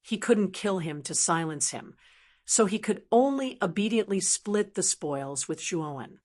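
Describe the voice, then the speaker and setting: A woman narrating a fantasy novel audiobook in an even, steady reading. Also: medium pitch, measured pace.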